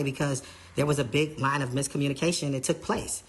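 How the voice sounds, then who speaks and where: Brief: tour manager, mid-pitched voice, lively casual retelling, slips into quoting others. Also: brisk. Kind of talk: casual storytelling.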